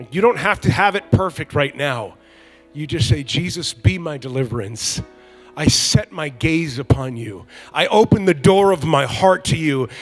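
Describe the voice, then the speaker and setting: A male pastor preaching a conversational, joking sermon that builds to loud emphatic peaks. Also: fairly high pitch. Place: large church hall. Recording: long church hall reverb.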